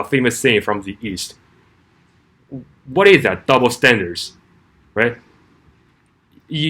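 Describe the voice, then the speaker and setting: A man's voice: medium pitch, fairly bright tone. A man delivering an argumentative opinion vlog, firing off rhetorical questions and often restarting his words. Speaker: commentary vlogger.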